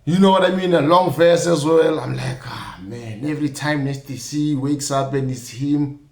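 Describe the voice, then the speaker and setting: A man's voice: a little high, fairly even intonation, normal speed, darkish tone, reverberant. A young South African man hosting a podcast, talking loosely and casually with lots of fillers and jokey asides. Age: young adult. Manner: loose and chatty, many fillers like "you know what I mean", jokey asides. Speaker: podcast host. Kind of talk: casual solo commentary.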